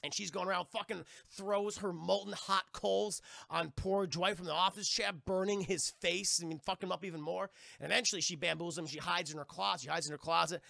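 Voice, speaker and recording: A man's voice: high-pitched, fairly even intonation, fairly quick, vocal fry, hardly any pauses, pushed and bright, dry recording. A man giving a rambling, constantly swearing comic recap of a movie, acting out the characters as he goes.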